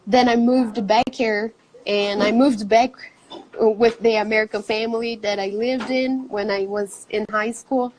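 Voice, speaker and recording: Chatty Brazilian-born woman with a high voice. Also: measured pace, noisy background. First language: Portuguese. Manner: laughs often, lively and chatty. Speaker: English teacher. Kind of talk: casual interview chat.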